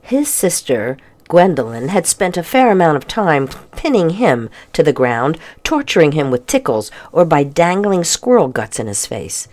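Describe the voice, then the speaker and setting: A woman reading a children's adventure story aloud with expressive storytelling. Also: deep voice, normal speed, few pauses. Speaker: narrator.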